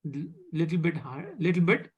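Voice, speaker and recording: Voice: medium pitch, expressive, a little fast, slightly rough, dull audio. A French teacher, leading a live online beginner class over a video call, patiently repeating points and checking that students follow. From India.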